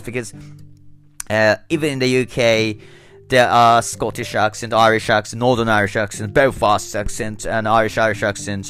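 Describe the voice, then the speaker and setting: A man's voice: medium pitch, a bit bright. A man with a Japanese accent talking in a casual monologue, careful and hesitant, often restarting words. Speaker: podcast host.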